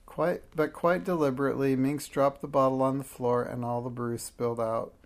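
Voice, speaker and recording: A storyteller reading a children's story aloud with steady, expressive narration. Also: mid-range voice, normal speed.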